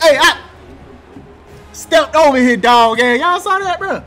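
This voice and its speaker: A man commenting on his own football video game as he plays, excitable and trash-talking, often breaking into laughter. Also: very high-pitched, a little slow, pauses often, faint music behind. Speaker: gaming YouTuber. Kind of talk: live gameplay commentary.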